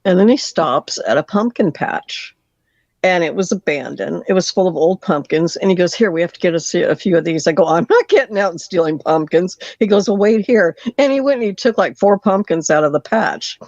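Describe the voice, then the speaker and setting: Caller telling a lively story by phone. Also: medium pitch, fairly quick, creaky, no echo. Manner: lively storyteller acting out quoted lines. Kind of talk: telling a story on a call-in show. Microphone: phone call. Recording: dull dry phone line.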